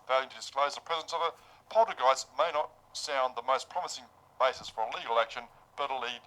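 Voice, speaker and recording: A man's voice: medium pitch, quick pace, bright, forceful tone, rough recording. An Australian man co-hosting a radio show, reading odd news stories aloud and stumbling over the words. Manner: stumbling, tongue-tied reading, dry comebacks. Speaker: co-host reading news items.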